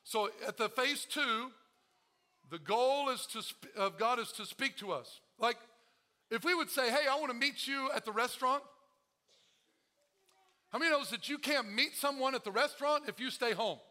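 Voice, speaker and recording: A man's voice: very high-pitched, normal speed, sharp tone. A male pastor preaching a sermon to his congregation, calling out to them and acting out the prayers he quotes. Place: church.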